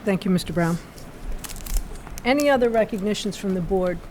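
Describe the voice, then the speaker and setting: A woman chairing a town board meeting, brisk and procedural as she moves through the agenda. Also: medium pitch, animated, warm tone, slight background noise.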